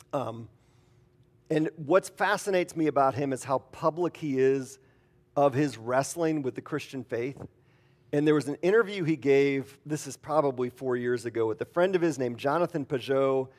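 A man preaching in a relaxed, conversational way, with many fillers and acted-out quotes. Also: a little high. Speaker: pastor. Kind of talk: sermon.

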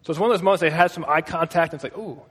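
A man's voice: a little high, fairly even intonation, racing, a bit bright, slightly rough, big-room sound. A man preaching a casual, storytelling sermon with a conversational manner and joking asides.

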